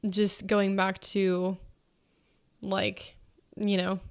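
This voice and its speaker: A woman's voice: medium pitch, steady tone, normal speed. Young pregnant woman hosting a podcast, rambly and chatty, lots of likes and ums. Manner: chatty, many fillers and likes. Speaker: podcast host. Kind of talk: casual faith-based chat.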